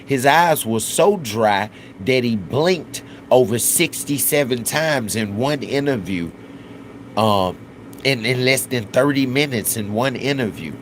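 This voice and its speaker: Slow-talking man. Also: mid-range voice, lively intonation, a little hiss or hum, rough recording. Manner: slow, drawling, acts out quotes in raised voices. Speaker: livestream commentator. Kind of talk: casual live commentary.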